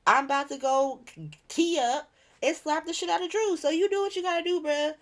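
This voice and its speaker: A woman's voice: high voice, fairly even intonation, fairly quick, voice pushed up, close to an everyday voice. A woman voicing a defiant, scornful middle-aged male mob boss who talks in brash, dismissive slang.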